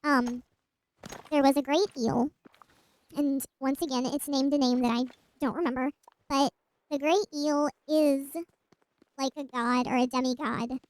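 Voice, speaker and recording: High-voiced woman chatting while gaming. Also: fairly even intonation, measured pace, pauses often, a little mellow, no room sound, poor audio. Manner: rambling storyteller with many asides and restarts. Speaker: streamer. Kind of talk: casual chat while gaming.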